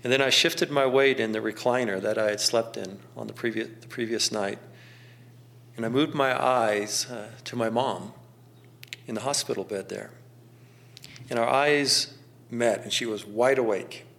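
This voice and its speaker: Gravelly middle-aged man, gently reflective. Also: medium pitch. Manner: slow, gentle and contemplative, with pauses. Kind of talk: reflective personal storytelling.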